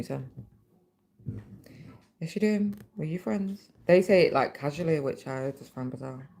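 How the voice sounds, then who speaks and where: A woman's voice: rumbling low, a little mellow. A tired woman hosting a live stream, chatting casually and rambling while she stitches, her voice turning scratchy. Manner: chatty, rambling, many fillers. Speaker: livestream host.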